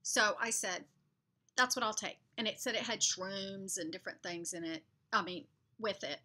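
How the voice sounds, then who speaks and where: A woman's voice: medium pitch, moderate pace. A middle-aged woman from the southern United States chatting casually in a vlog, telling stories from her day with lots of fillers. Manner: chatty, animated storytelling with fillers. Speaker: vlogger.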